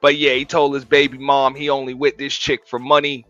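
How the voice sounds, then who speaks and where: A man's voice: medium pitch, little pitch movement, fairly quick, a bit bright, dry recording, lo-fi sound. A man hosting a casual reaction show, talking in a laid-back, profane way, laughing and repeating himself. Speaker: show host reacting to clips.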